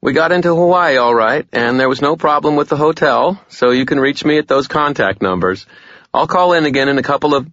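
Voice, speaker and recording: A man voicing a brisk, cheerful woman police officer leaving a phone message. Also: medium pitch, animated, a bit bright, dry recording, lo-fi sound, voice pushed up, natural voice.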